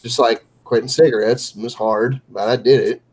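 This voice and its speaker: A man's voice: mid-range voice, steady tone, normal speed, darkish tone, slightly rough, rough recording. Rambling man on a late-night stream. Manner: rambling, self-deprecating, lots of fillers. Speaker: co-host of a livestream. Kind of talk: casual late-night livestream chat.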